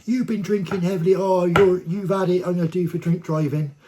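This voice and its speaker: A man voicing a bossy female police officer who shouts accusations in a raised, strained voice while telling a story. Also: high-pitched, fairly even intonation, fairly quick, noisy background, voice pushed up, natural voice. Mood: shrill accusing.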